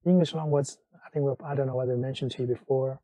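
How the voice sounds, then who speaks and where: A man teaching a language lesson, explaining in English between slow examples with many fillers. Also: medium pitch, fairly even intonation, dark tone, no room sound, rough recording. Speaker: Mandarin teacher.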